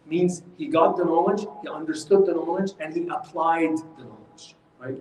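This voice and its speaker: A man teaching a religious lesson in a mosque hall, animated and quizzing his class, heard from far off. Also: a little high, brisk, a little hiss or hum. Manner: animated, asks the class questions.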